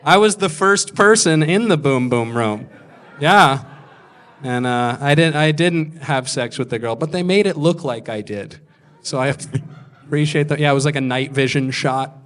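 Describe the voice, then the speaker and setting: A man's voice: a little high, a little slow, a bit bright. A man in his thirties telling stand-up stories, crude and self-mocking, slipping into other people's voices. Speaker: stand-up comedian. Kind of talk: stand-up storytelling.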